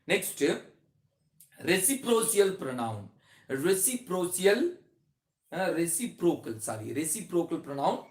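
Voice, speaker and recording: A man's voice: high voice, big pitch swings. A man teaching a grammar lesson, starting many sentences with "so", restarting phrases and drawing out his example words. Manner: explains slowly with many "so" openers and restarts, stretches example words. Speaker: English teacher. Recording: echoey room.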